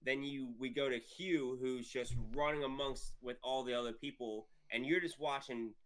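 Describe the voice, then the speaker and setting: A man's voice: medium pitch, steady tone, moderate pace, fairly bright tone. A man co-hosting a podcast in casual chat, recapping scenes step by step and acting out lines. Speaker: podcast co-host.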